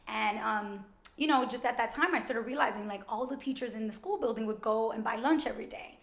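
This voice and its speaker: Loud, quick-talking woman in a roomy space. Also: a little high, vocal fry. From Brooklyn, New York. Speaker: guest, financial educator. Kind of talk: casual interview chat. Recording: roomy echo.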